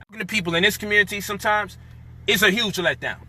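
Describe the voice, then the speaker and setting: A man's high, very bright voice in a heated monologue. He rants with frustration, swears freely and lectures his listeners. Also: steady tone, quick pace. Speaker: commentator.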